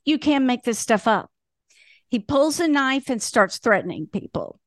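A middle-aged woman from Indiana, a radio broadcaster, telling an animated, self-mocking story in an interview with bursts of laughter. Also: on the high side, dry recording, studio quality. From Indiana, USA.

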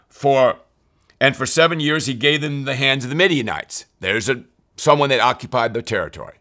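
A man's voice: mid-range voice, animated, normal speed, pushed and bright. An earnest man leading a weekly Bible study in a mid-range voice. He talks his listeners through scripture and repeats key phrases for emphasis. When he quotes a passage his voice rises with intensity. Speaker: Bible teacher.

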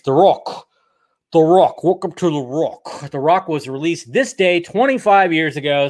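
A man hosting a casual solo movie-news vlog, rambling and excitable, swearing freely as he talks. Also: fairly high pitch. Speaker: online movie news host.

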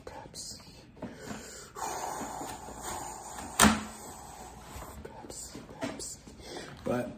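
Rambling, profane young man with a dark voice. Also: medium pitch, slight background noise. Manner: profane, scattered, stream-of-consciousness. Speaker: podcast host. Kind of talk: rambling solo monologue.

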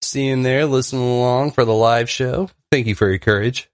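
Male podcast host, mid pitch, dry close sound, lots of ums, casual. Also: moderate pace, no echo. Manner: hesitant, many fillers while fiddling with tech.

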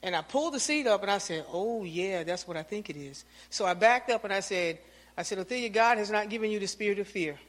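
A woman tells an anecdotal church testimony with lively storytelling, acting out her own lines and those of others. Her voice carries the long reverb of the sanctuary. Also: medium pitch, quick pace. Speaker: church member giving testimony.

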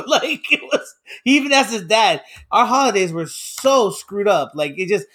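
Excitable high-voiced man chatting. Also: moderate pace, few pauses, breathy edge. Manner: excitable, laughs often, swears freely. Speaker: podcast co-host. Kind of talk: casual chat.

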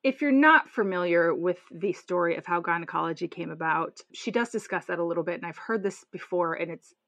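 A woman's voice: lowish voice, a little fast, fairly bright tone, dry recording. A woman co-hosting a podcast, talking frankly and bluntly in casual chat. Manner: frank and outspoken, swears when indignant. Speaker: podcast co-host.

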